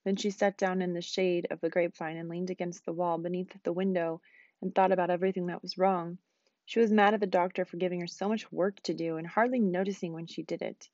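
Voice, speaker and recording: Woman teacher reading a chapter aloud; low voice, dry close sound. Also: dry recording, muffled recording. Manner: quick, expressive reading.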